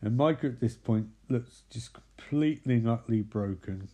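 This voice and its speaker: A man rattles off a casual comedic recap, sardonic and sprinkled with swearing and quick asides. His voice is dark and mellow at a middling pitch. He talks loosely, as if riffing for friends. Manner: sardonic, profane, fast asides.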